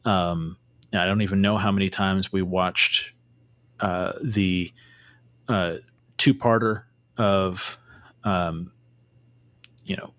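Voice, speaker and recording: A man's voice: sits low, fairly even intonation, takes it slowly, pauses often, a bit bright, no echo. A man from California hosting a podcast interview, easygoing and teasing, rambling with fillers. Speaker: podcast host. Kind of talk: casual interview chat.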